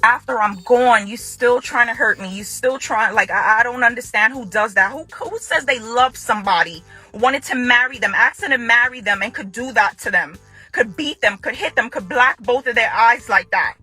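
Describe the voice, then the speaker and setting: A woman's voice: on the high side, normal speed, bright, forceful tone, breathy edge, soft background music. A woman making an angry direct-to-camera statement to her ex-husband, confrontational and repeating phrases for emphasis. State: furious. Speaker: ex-wife speaking out.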